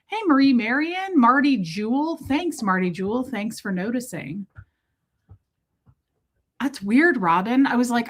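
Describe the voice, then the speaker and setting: A woman hosting a casual livestream, chatting and greeting viewers by name in quick bursts, a bit breathless in a warm small room. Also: mid-range voice, animated. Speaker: livestream host. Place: small room with door shut.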